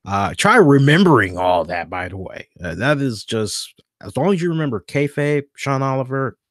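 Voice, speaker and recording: A man hosting a casual wrestling news podcast, chatty, stammering and getting animated as he rants. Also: medium pitch, normal speed, no room sound, clean studio sound. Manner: chatty, repeats and stammers, grows animated listing options. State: hiccuping after beer. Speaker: podcast host.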